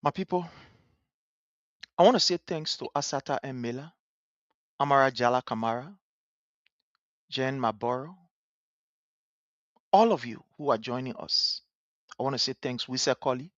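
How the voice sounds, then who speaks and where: A live-stream host with a Liberian English accent talks earnestly, leaning on repeated words. The voice sits in a middle pitch. The sound is dry and slightly muffled. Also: moderate pace, long pauses, no room sound. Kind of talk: live-stream talk show commentary.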